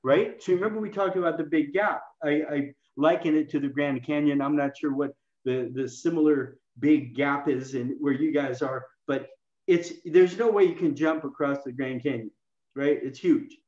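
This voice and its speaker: A man's voice: a little high, normal speed, a little mellow. A man with a slightly raised voice, talking as an interview guest and explaining his methods with animation, often slipping into quoted lines as he acts out conversations. The recording sounds echoey and a little dull. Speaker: health coaching expert guest. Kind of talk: interview, teaching communication.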